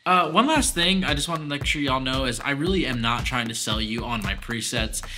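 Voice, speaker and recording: A young man vlogging casually, talking loudly and energetically while explaining his camera setup and colour grading. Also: mid-range voice, fairly quick, a little hiss or hum. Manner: loud, energetic, self-aware. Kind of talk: casual vlog talk.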